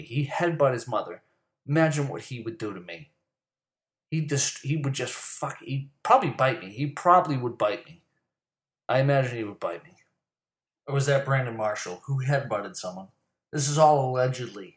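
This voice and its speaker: A man's voice: medium pitch, expressive, moderate pace, roomy sound. A man giving a heated, profane, rambling monologue about sports. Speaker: sports commentary host. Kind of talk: profane casual sports rant.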